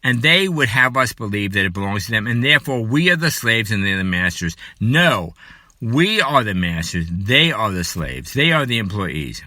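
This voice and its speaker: A man delivering an angry political rant, shouting and repeating himself, then quieting down to apologize for his anger. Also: big pitch swings, normal speed, no echo. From United States. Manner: furious, shouting, repetitive, later apologetic and lower. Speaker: political commentator.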